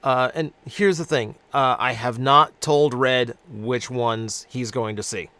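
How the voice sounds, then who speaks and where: A man hosting a casual chat, relaxed and a little hesitant, with many fillers. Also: medium pitch, slow, no echo. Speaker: host.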